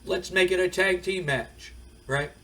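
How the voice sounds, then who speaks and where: A man's voice: high voice, measured pace, sharp tone, recorded from a distance, voice pushed up, full character voice. A man voicing a wrestler who taunts his brother into a tag team match. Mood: taunting. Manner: taunting, goading.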